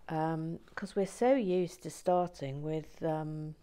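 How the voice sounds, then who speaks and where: A woman chatting casually to a live stream as she builds a kit, often dropping to a soft whisper and muttering to herself. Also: deep voice, takes it slowly, smooth. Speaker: streamer building a brick kit and reading chat.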